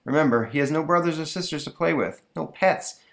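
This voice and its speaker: A man's voice: a little high, brisk, creaky, a bit bright, voice pushed up. A man voicing an exasperated mother worn out by her young son. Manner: weary, fussing. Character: exasperated mother of a wild little boy.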